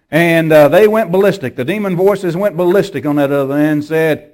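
A man preaching a sermon, telling stories and rising to forceful commands. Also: high voice, animated, brisk. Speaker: pastor.

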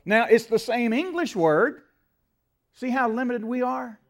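A man preaching a sermon, emphatic and rising to loud peaks when quoting scripture, often asking the congregation to call out the next word. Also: very high-pitched, expressive, a little slow. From United States. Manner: asks the congregation to fill in words.

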